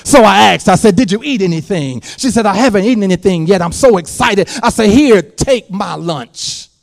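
A man preaching a sermon with a slightly higher voice. He drops to a low, quiet storytelling tone and then rises to loud, shouted, sung-out lines. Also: animated, normal speed, vocal fry. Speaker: pastor.

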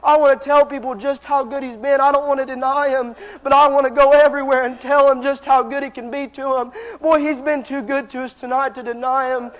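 A male preacher delivering a sermon in a strikingly high, strained voice that stays on a narrow band of notes. His delivery is fervent and impassioned as he addresses the congregation. The sound carries a long reverb from a large church hall. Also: flat delivery, a little fast, few pauses.

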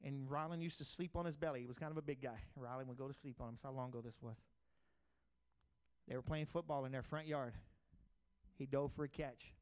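A middle-aged pastor, preaching a sermon in a conversational storytelling way, swinging from loud bursts to quiet asides. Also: male voice, medium pitch, fairly even intonation, a little fast.

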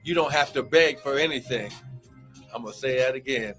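A man preaching and praying as a pastor in a live morning service, fervent, with shouted exclamations and speaking in tongues. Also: mid-range voice, brisk, faint music behind. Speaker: pastor and prophet.

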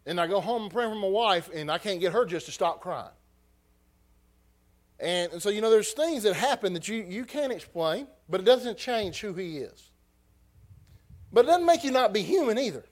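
A high-voiced preacher telling a story from the pulpit. He drops to a near hush, then climbs to loud, heated bursts. His delivery is raw and emotional. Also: expressive, moderate pace. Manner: emotional, rising from hushed to loud. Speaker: pastor. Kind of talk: sermon storytelling.

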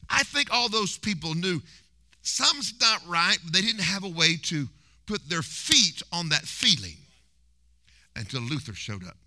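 A man preaching a sermon in a church, telling history as an animated, humorous story and mimicking voices. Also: sits high, no echo.

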